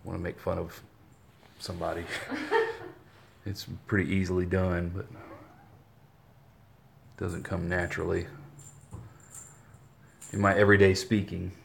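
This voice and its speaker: A man's voice: sits low, measured pace, vocal fry, pauses often, a little hiss or hum. A man from Alabama with a mild Southern accent, chatting casually at home while playing with kittens. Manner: relaxed, chatty, talks to the cats. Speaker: kitten foster carer. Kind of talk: casual chat.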